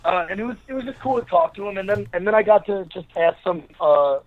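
A man's voice: high-pitched, lively intonation, quick pace. A man, a wrestler guest, telling a casual anecdote and acting out the people in it. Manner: acts out quoted people in an anecdote. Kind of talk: casual storytelling interview. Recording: tinny phone line.

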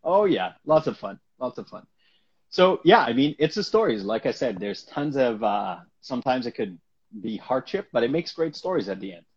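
Guest actor, male, husky voice, animated storyteller who laughs a lot, dull lo-fi sound. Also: mid-range voice, moderate pace. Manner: animated, laughs often, acts out quoted people. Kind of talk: casual anecdote telling. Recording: dull lo-fi recording.

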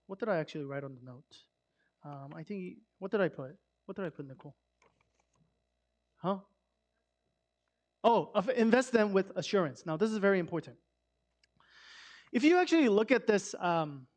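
A man giving a sermon in a conversational, emphatic way, swinging between loud stresses and hushed asides. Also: high-pitched. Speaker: pastor.

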